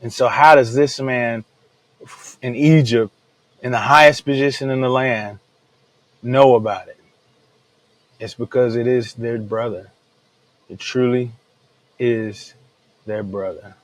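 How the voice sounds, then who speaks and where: A man's voice: mid-range voice, steady tone, slow, long pauses, dry recording, poor audio. A man hosting a daily Bible devotional podcast, retelling scripture in casual everyday speech and often calling listeners "man.". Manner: laid-back, says "man" often, retells the story in everyday slang. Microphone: podcast microphone.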